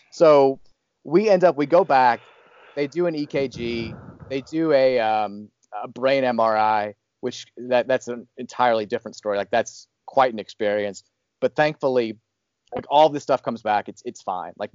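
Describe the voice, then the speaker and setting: A man in his thirties telling a story in a casual, animated way, with many restarts and fillers. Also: medium pitch, dry recording, lo-fi sound.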